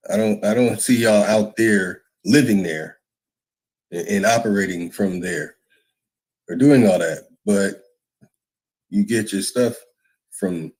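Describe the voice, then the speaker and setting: Male livestream host, lowish voice, loose and reactive. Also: a little mellow, low-quality recording. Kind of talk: casual livestream talk.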